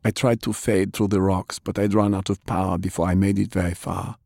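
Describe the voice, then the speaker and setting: A tired flat matter-of-fact guy, low voice, audiobook. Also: fairly quick, gravelly, no echo, clean studio sound.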